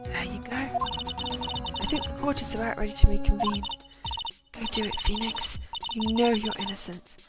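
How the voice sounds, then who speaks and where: A woman voices a calm female mentor in a courtroom video game. She speaks softly and coaxes gently, with a lively lilt. Game music plays clearly beneath her. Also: a little high, moderate pace. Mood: gentle. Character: calm female mentor spirit, soft and steady.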